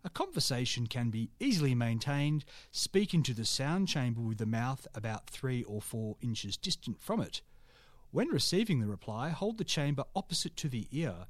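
A man's voice: mid-range voice, sing-song, moderate pace, no echo. Male podcast co-host, jokey, reads archive items; dry close-miked sound. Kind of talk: casual history chat, reading old news aloud.

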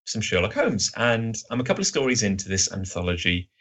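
A man in his thirties chats casually as a podcast guest, his low voice a little husky. He rambles and hedges, full of ums and self-deprecating asides. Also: very animated, brisk, a bit bright. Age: 30s. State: slightly husky.

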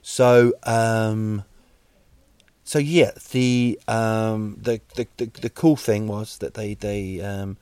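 A man hosting a podcast, delivering a rambling, wry comic monologue full of halting restarts. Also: on the low side, steady tone, a little mellow, smooth, dry recording. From New Zealand. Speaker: podcast host.

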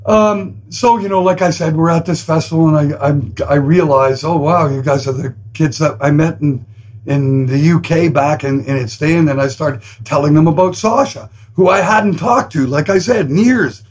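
This rock musician from Canada has a slightly high, slightly rough voice and talks at a normal pace, captured in low-quality audio. Appearing as a podcast interview guest, he spins lively stories, performs others' lines in varied voices, and swears without restraint.

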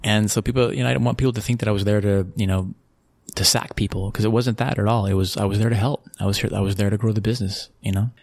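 Middle-aged American man from Texas, interview guest, lowish gravelly voice, dry close sound, easygoing and chatty. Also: fairly even intonation, fast, a little mellow, no echo. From Texas, USA. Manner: conversational, repeats phrases, chuckles often. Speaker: guest, sports executive. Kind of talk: relaxed interview storytelling.

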